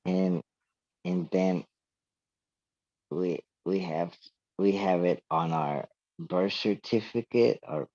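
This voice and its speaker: A man with a very low voice co-hosting a casual talk show, slow and halting as he works through a thought. The sound is dry and a little dull. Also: steady tone, warm tone. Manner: hesitant, halting with restarts. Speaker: co-host. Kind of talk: casual philosophical chat.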